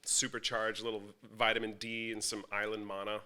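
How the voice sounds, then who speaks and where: Chill guy on a podcast, lowish voice but really bright, says "you know" a lot. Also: brisk, clear, resonant tone. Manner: relaxed, laid-back, lots of fillers like "you know" and "like". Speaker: podcast guest. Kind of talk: casual chat. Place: podcast studio.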